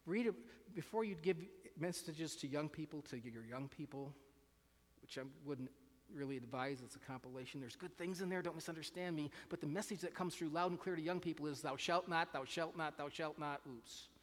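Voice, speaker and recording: Recorded in a reverberant hall, this earnest sermon comes from a man whose voice is on the high side and fairly quick. He frequently repeats words. He also keeps asking his listeners questions.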